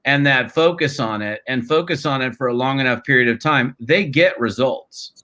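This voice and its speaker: A man in his fifties, a network marketing trainer talking as an interview guest, telling stories in an energetic, casual, slangy way with frequent restarts. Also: medium pitch, moderate pace. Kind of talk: conversational interview storytelling.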